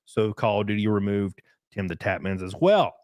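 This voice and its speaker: Animated ranting man, dry close mic. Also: lowish voice, normal speed, no room sound, muffled recording. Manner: animated, ranting, mocking voices. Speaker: podcast host. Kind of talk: casual opinionated chat.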